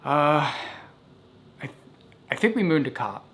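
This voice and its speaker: A man's voice: a little high, big pitch swings, slow, fairly bright tone, voice pushed up, full character voice. A man voicing a frightened young boy who stammers out apologies. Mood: panicked.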